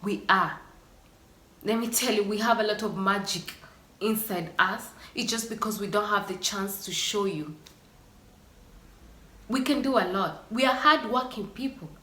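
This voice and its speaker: A woman's voice: medium pitch, measured pace, pauses often, sharp tone. Earnest, emotional woman in an echoey room. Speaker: vlogger. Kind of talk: personal vlog monologue.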